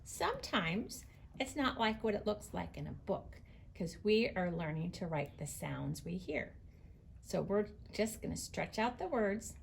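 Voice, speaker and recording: A woman teacher giving a writing lesson to young children, slowly stretching out the sounds of words as she writes. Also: mid-range voice, sing-song, vocal fry, a little hiss or hum.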